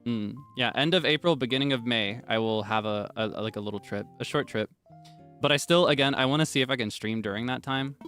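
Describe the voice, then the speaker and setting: A man streaming a game, chatting casually and rambling between sudden loud, high outbursts. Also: a little fast, faint music behind. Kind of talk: casual gameplay chat.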